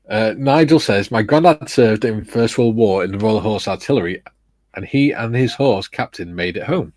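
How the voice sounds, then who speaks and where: A man hosting a casual livestream chat who reads viewer comments aloud in a relaxed way. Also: lowish voice, unhurried, pauses often, no room sound. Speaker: stream host.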